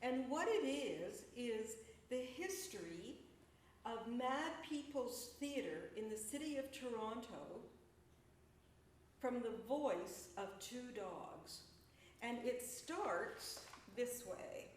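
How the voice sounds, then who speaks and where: A woman poet giving a measured, deliberate poetry reading and spoken-word performance in a gallery. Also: on the high side, expressive, a little hiss or hum. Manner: measured, deliberate, rhythmic delivery. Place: echoey gallery hall. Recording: echoey room, mic far away.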